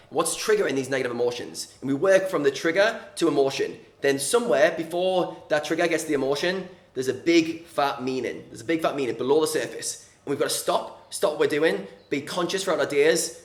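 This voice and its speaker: A man with a fairly high voice explains a mindset idea to his viewers in an earnest, step-by-step way. He repeats key words and acts out small examples along the way. The room around him is echoey. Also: a little fast, hardly any pauses. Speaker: poker mindset coach.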